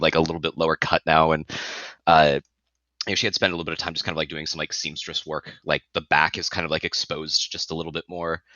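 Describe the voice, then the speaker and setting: A man in a tabletop game stumbling through a description of his character. His voice is deep yet bright. The dry, dull lo-fi mic flattens it. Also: no room sound. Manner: halting, filler-heavy. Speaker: player.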